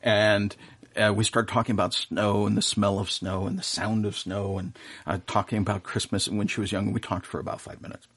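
Low, husky-voiced middle-aged man, an earnest, rambling storyteller in a radio studio. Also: flat delivery, a little fast. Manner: warm, earnest storyteller with many fillers and restarts. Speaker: professional Santa performer, radio guest. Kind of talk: casual storytelling in an interview.

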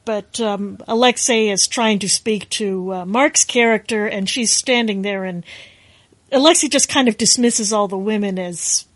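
Female voice actor, wry and playful, medium pitch, dry close recording. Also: no echo. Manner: quick, wry and joking. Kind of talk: casual panel interview.

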